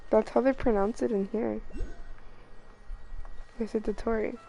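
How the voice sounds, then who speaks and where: A woman's voice: on the high side, fairly even intonation, measured pace, gravelly, dark tone, muffled recording, a little hiss or hum. A woman chatting casually while playing a game, rambling with lots of fillers. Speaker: gamer streamer. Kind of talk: casual chat while gaming.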